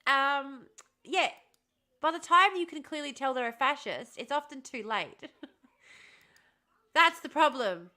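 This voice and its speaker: A woman's voice: sits high, animated, slow pace, long pauses, pushed and bright. A woman hosting a casual livestream, chatting with her viewers and answering them with frequent laughs and sarcastic asides. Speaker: livestream host reading chat.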